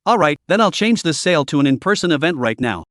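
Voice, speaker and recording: A man's voice: a little high, sing-song, fast, a bit bright, no echo, clean studio sound. A man voicing a short-tempered young woman cultivator in a comic recap, speaking in exasperated outbursts. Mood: self-calming.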